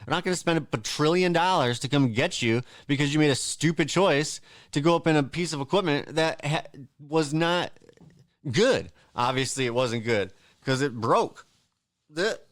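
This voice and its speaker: A man talks on his own as a show host, working through a list of facts and drifting off into wisecracks. His voice comes through smooth and clean, recorded close and dry with no room sound. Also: mid-range voice, a bit bright, no room sound. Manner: joking, rambling asides with frequent fillers and laughs. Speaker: podcast host. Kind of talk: casual solo monologue reading holiday facts.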